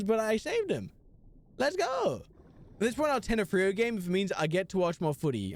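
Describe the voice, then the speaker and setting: Young male streamer, animated and chatty, high voice with very lively swings. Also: brisk. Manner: animated, chatty, replies to chat with slang. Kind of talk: casual live gaming stream.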